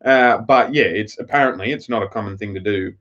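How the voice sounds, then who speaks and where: An Australian man on a live stream tells a rambling, profane story in casual chat. His voice is fairly low and fairly bright, and he talks briskly. The lo-fi audio sounds slightly dull.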